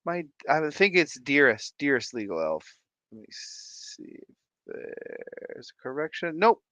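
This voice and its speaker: Sounding tired yet playful, this thirtysomething streamer greets his viewers by name in a sing-song manner during a casual live stream. The mid-range voice has a sharp tone and measured pace; there's no echo, and the high frequencies are missing.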